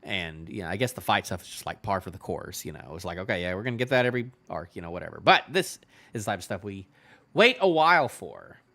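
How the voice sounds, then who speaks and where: A man hosting a reaction video in casual solo commentary, rambling and filling his talk with "you know", often trailing off in a low-key way. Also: big pitch swings, fast, creaky, a bit bright. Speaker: manga reaction channel host.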